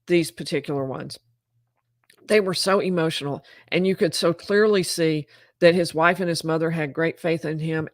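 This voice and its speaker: A woman's voice: on the low side, no echo, clean studio sound. A woman lawyer hosting a live-stream legal commentary, reading transcripts aloud with her own reactions in a conversational way. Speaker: lawyer and trial commentator host.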